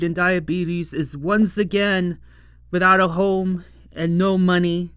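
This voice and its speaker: A man's voice: high voice, little pitch movement, slow pace, a bit bright, smooth, no echo, clean studio sound. A man hosting his own show, chatting casually through an episode recap and laughing often. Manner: chatty, laughs often, fillers like "you know" and "whatnot". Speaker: show reviewer and host.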